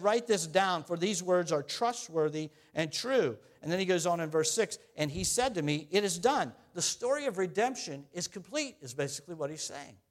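Conversational preacher with a slightly high voice. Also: male voice. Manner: conversational, asks the congregation questions, swings from loud to quiet. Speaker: pastor. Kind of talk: sermon.

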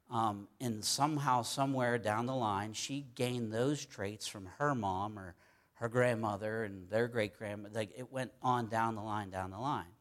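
A man's voice: mid-range voice, a bit bright. Conversational man preaching a sermon. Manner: conversational, folksy, with many fillers and repeated words.

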